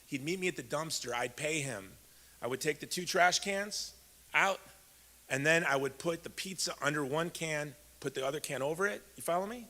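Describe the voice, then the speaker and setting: A man's voice: fairly high pitch, moderate pace, sharp tone. A man in his fifties from Chicago giving a keynote speech, telling a personal story in a conversational way and speaking straight to the audience. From Chicago, USA. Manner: conversational, addresses the audience directly. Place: large event hall. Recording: echoey hall.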